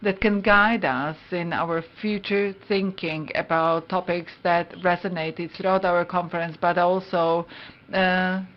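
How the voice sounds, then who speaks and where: A man gives a formal closing address at a slow pace, pausing often with fillers. The audio is dull and lo-fi, as from a conference recording. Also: high voice. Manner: formal, hesitant, many fillers. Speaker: think-tank director closing a conference.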